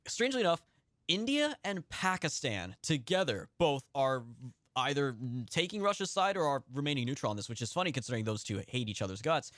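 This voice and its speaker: A man hosting a political podcast, talking in a rapid, emphatic, lively way. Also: a little high, dry recording, clean studio sound. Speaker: podcast host.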